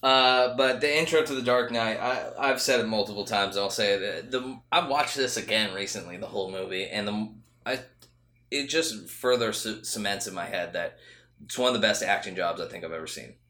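A man's voice: lowish voice, moderate pace, bright, forceful tone, reverberant. A man co-hosting a podcast, chatting casually and rambling through movie scenes with restarts and swearing. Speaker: podcast co-host. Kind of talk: casual chat.

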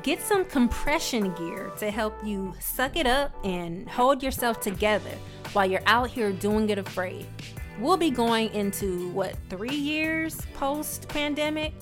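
A woman's voice: medium pitch, animated, unhurried, over music. A woman giving a sassy, emphatic motivational pep talk as a podcast host. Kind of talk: motivational monologue.

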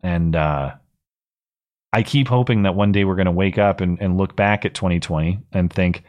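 A man's voice: on the low side, normal speed, a little mellow. A man in his thirties hosting a live call-in stream, giving blunt, opinionated commentary with frequent restarts. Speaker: call-in show host.

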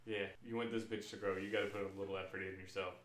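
A man's voice: low voice, level tone, fast. A man on a podcast, trading crude jokes in casual banter. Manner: crude, joking. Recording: roomy echo.

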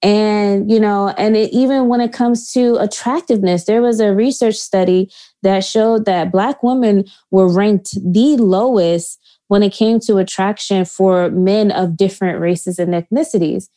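A woman, co-hosting a casual chat, slow and emphatic and quick to laugh. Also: mid-range voice, steady tone, warm tone.

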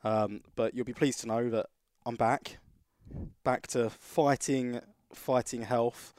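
A man's voice: mid-range voice, steady tone, slow pace, a little mellow, no room sound, studio quality. A man co-hosting a podcast, talking casually and telling rambling stories full of restarts. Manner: rambling storyteller, restarts sentences. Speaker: podcast co-host.

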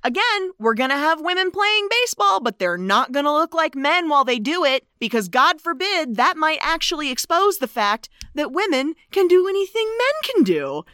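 A woman co-host breaks down an old film with real passion and an indignant edge. Her voice sits a little high. The recording is dry and close. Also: sing-song, moderate pace, hardly any pauses, bright, forceful tone, no echo. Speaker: podcast co-host. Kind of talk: casual film-review chat.

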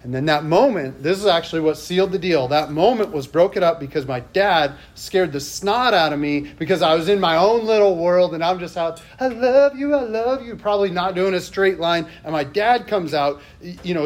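Pastor, man, middle-aged, chatty storytelling sermon in church, slightly high voice. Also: brisk, few pauses. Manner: conversational and storytelling, with self-deprecating asides.

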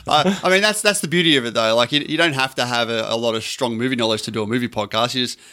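Male podcast host, middle pitch, upbeat and jokey, running the show. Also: fast, sharp tone. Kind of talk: casual chat.

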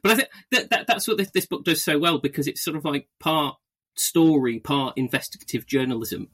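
A man's voice: a little high, fairly quick, fairly bright tone, husky. A man hosting a podcast in casual chat. He talks with eager enthusiasm and often stammers and restarts his words. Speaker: podcast host.

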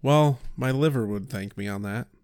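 A man's voice: mid-range voice, normal speed, no echo. Profane, exasperated man in dry close sound. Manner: profane, exasperated rants with animated quoted voices. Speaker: podcast co-host. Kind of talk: casual chat.

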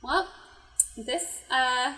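A woman co-hosting a podcast, retelling a story in casual chat with animated, giggly delivery. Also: high-pitched, very slow, reverberant, low-quality recording. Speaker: podcast co-host.

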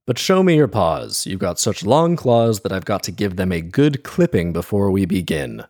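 A man voicing a fearless, violent castle-sitter from a fairy tale with a gruff, blunt manner. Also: fairly low pitch, very animated, moderate pace, a little mellow.

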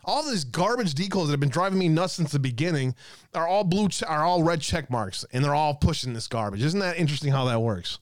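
A man vents on his live stream in a profane, exasperated rant, now and then answering viewer comments. His voice sits a bit high for a man. The sound is dry and close, with no room around it. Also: animated, a little fast, no echo. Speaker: host of an online talk stream. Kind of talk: ranting live-stream talk.

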